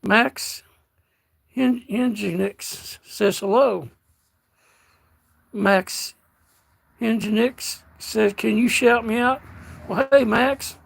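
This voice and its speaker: An older American man hosting a casual livestream, reading out chat messages in a slow, folksy way and calling viewers darling. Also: sits high, fairly even intonation, vocal fry. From United States.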